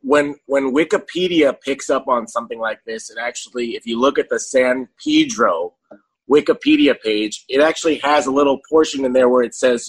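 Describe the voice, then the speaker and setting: Husky guy chatting on a video call podcast, easygoing. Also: mid-range voice, moderate pace, rough recording. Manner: chatty, laughs while telling stories. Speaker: restaurant owner and guest. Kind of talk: casual chat.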